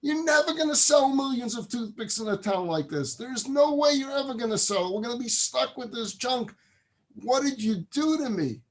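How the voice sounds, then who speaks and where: A man's voice: a little high, big pitch swings, moderate pace, creaky. A man voicing an exasperated, successful businessman father who lectures his son. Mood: angry. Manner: instructive, then yelling at his son.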